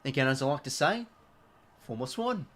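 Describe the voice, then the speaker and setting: An excitable young Australian man giving live fan commentary on a football match, chatty with viewers and prone to shouting and swearing at big moments. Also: mid-range voice, normal speed. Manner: chatty asides and thanks to viewers. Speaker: watch-along commentator.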